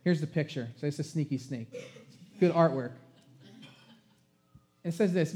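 A man's voice: on the high side, unhurried, long pauses, darkish tone. A man who is a pastor, preaching a sermon in an emphatic, conversational way and asking the congregation questions.

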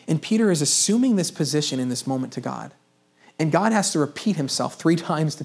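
A man's voice: on the high side, lively intonation, fairly quick, vocal fry, darkish tone. A young adult man preaching a sermon in a casual storytelling manner, with humorous asides and personal confessions. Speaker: pastor.

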